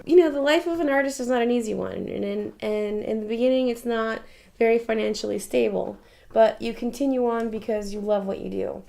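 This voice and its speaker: A woman's voice: on the high side, fairly quick, creaky, warm tone. A woman painter talking casually in a documentary interview, chatty and emotional, laughing often and swearing now and then. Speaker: painter and architect.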